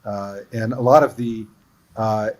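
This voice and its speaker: A man's voice: lowish voice, steady tone, measured pace, a little mellow, rough recording. A man who is a film producer, telling earnest stories about a production in a livestream interview.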